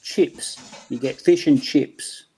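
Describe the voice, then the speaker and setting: Rambling Australian man, slightly higher voice. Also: moderate pace, poor audio. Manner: rambling storyteller, trails off mid-sentence. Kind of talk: casual chat.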